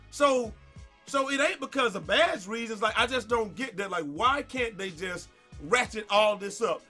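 A man's voice: extremely high pitch, animated, normal speed, pushed and bright, soft background music. A man who makes gaming videos, ranting in an exasperated way over gameplay, with stammered repeats and swearing. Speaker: gaming YouTuber.

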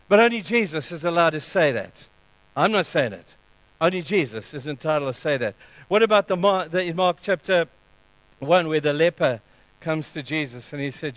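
A man's voice: high voice, animated, moderate pace, no room sound, poor audio. A man preaching a sermon with dramatic delivery, acting out Bible scenes in quoted voices.

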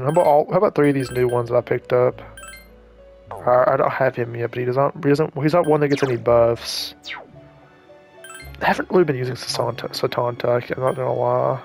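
A man giving casual let's-play commentary, rambling and chatty with frequent self-corrections and quick asides. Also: mid-range voice, gravelly, darkish tone. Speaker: gaming YouTuber.

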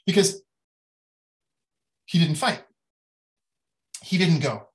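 A man's voice: fairly high pitch, measured pace, pauses often, rough recording. A man giving a casual academic lecture on design history, talking in a chatty way with many fillers and little acted-out quotes.

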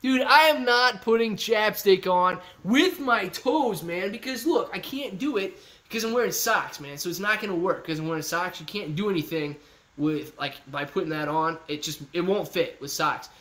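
A man's voice: high-pitched, normal speed, a bit bright. A man hosting a casual live stream, reading viewer comments and bantering playfully with them. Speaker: livestream host reading chat.

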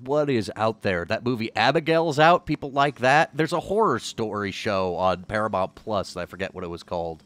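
A man's voice: on the low side, lively intonation, normal speed, few pauses, fairly bright tone, no room sound. A man streaming a game, rambling and joking with his chat between moves. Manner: rambling, jokey, chats with viewers. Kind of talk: casual gameplay commentary.

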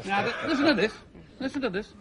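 An Australian comedian telling jokes in a lively way, acting out the voices and shouts of the characters. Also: male voice, very high-pitched, fast talker. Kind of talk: stand-up joke telling.

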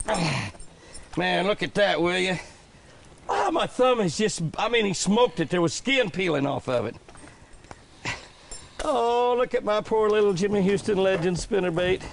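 An older man narrates his day on the water from a fishing boat, folksy and chatty with loud exclamations. His voice sits a bit high and gravelly, with lively swings of pitch. Steady outdoor noise from the boat and water runs behind him. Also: measured pace, long pauses. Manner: folksy, chatty, laughs often, exclaims loudly at fish. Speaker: fishing show host. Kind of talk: excited on-the-water commentary.

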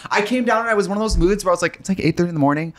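A man co-hosting a casual comedy chat, camp and bawdy, tossing out quick asides. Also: high-pitched. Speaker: co-host.

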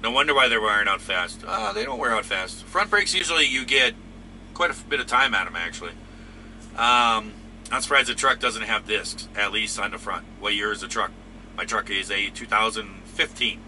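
A man hosting a trucking channel who rambles easygoingly through viewer comments. His voice sits a bit low but comes across sharp and bright. A faint engine hum runs behind him in the cab. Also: normal speed. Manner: rambling, easygoing, lots of fillers. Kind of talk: casual chat reading viewer comments.

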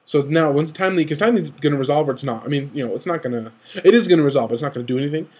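Young male commentator, fairly high and a touch breathy, eager and rambling as he talks through a game. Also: a little mellow. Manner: eager, rambling, often rushes and self-corrects. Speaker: card game video commentator. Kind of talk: excited game analysis commentary.

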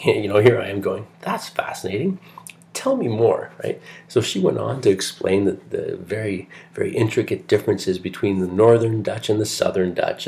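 Low gravelly-voiced Canadian man lecturing. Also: mellow. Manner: chatty, digressive, with many fillers and restarts. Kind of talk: recorded online lecture.

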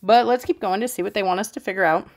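A woman's voice: medium pitch, fast, darkish tone. A woman teaching a math lesson, chatty and playful, talking straight to her students and acting out their questions. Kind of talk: casual explaining math lesson.

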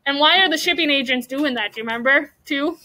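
Bright-voiced teacher reading aloud. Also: female voice, high voice, fast, rough recording. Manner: animated, asks the class questions. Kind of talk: reading a chapter book aloud to a class.

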